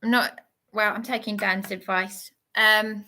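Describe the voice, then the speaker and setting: Medium-pitched, steady in tone, a little slow, and pushed and bright, this woman delivers an agitated live-stream monologue. Shaky and worked up, she's indignant and keeps tripping over her words.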